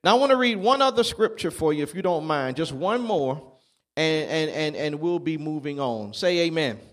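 A man preaching a sermon, calling on the congregation to answer and building up to shouts. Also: on the high side, lively intonation, moderate pace. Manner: call-and-response preaching, rising to shouts.

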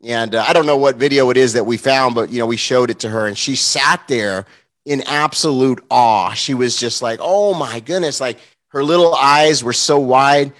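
A man's voice: mid-range voice, moderate pace, fairly bright tone. A man preaching a morning sermon, telling a heartfelt personal story in an earnest, emotional way, with many fillers and restarts.

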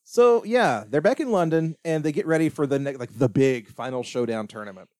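A man's voice: on the high side, brisk, a little mellow, dry recording, clean studio sound. A man co-hosting a podcast, casually retelling a film's plot in a loose, rambling way with lots of "like" and restarts. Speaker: podcast co-host. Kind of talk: casual movie-recap chat.

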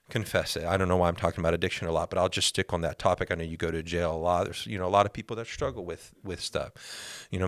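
A man with a low voice teaches faith on a podcast. He speaks earnestly, circles back over his key phrases and slips into first-person prayers. The recording is dry and close. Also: fairly bright tone, dry recording. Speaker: podcast host.

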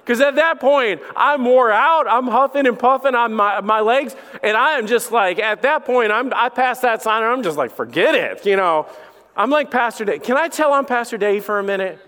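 A man's voice: extremely high pitch, animated, normal speed, bright, forceful tone. A middle-aged man preaching a sermon in a casual, joking way, full of fillers and repeated starts. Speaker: pastor. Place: church sanctuary. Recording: long hall reverb.

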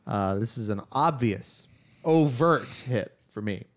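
A man hosting a casual movie review podcast, joking and quick to laugh. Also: mid-range voice, animated. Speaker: podcast host.

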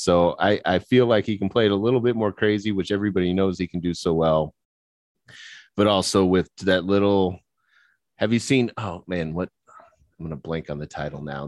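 A man co-hosting a casual movie podcast, animated, laughing often and restarting his sentences. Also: sits low, no echo, clean studio sound. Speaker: podcast co-host. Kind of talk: casual chat about movies.

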